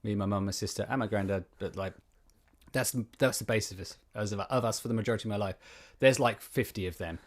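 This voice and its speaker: A young man co-hosting a casual podcast, telling stories in an animated, exasperated way. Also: fairly low pitch, fast. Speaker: podcast co-host. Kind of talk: casual chat. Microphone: studio condenser mic.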